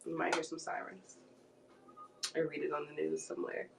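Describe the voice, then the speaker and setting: A woman's voice: low-pitched, steady tone, normal speed, vocal fry, background noise. A young woman from Ohio telling a story in casual chat, laughing often and putting on voices for quotes. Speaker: tarot reader.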